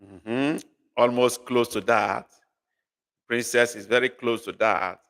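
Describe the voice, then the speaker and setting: A language tutor teaches a live online class, patiently repeating phrases and coaxing learners to guess. His mid-range voice is steady, slow, and fairly bright, and the recording has long reverb.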